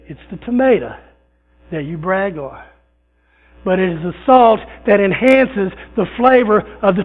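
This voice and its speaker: A man with a notably high voice delivers a folksy, conversational church sermon, repeating himself and using fillers. The sound is thin and narrow, like a phone line. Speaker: pastor. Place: church sanctuary.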